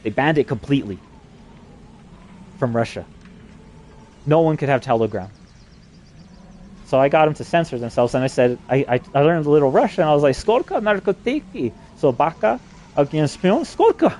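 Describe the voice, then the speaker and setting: A man's voice: mid-range voice, a little fast, long pauses, darkish tone. A man from New Mexico delivering an agitated, profanity-laden rambling monologue. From New Mexico, USA.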